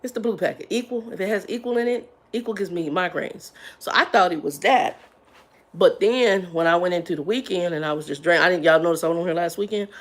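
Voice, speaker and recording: A woman's voice: lowish voice, brisk. A woman hosting a casual livestream, talking in a rambling way to her viewers with "y'all" slang, a little congested from sinus drainage. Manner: talkative, rambling, greets viewers warmly by name; Southern-style slang, "y'all". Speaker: livestream host.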